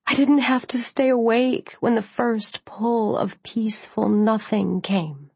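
A woman's voice: fairly high pitch, slow, gravelly, darkish tone, breathy edge, no echo. Woman narrating in a dry, close voice. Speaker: audiobook narrator. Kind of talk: first-person scripted narration.

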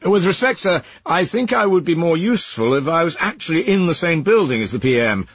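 Man voicing a tense civil servant, clipped, restrained, low-pitched, husky, dull recording. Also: wildly swooping pitch, normal speed, dry recording, exaggerated voice. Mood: strained.

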